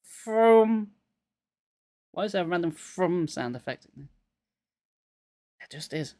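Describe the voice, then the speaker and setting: A man's voice: on the high side, normal speed, dry recording. A man getting over a cold, reading a children's horror book aloud live and dropping wry jokes between passages.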